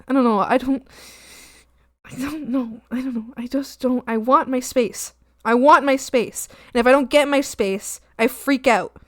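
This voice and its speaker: Young female streamer, fairly high voice, rambling casual chat, frequent swearing, dry close mic. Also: dry recording. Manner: rambling, swears freely, swings from loud to quiet and mumbling. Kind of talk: casual chat while drawing.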